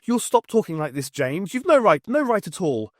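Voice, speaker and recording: A man voicing a horrified, fierce mother in an audiobook, shrill and frantic. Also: sing-song, a little slow, a little mellow, dry recording, studio quality, exaggerated voice.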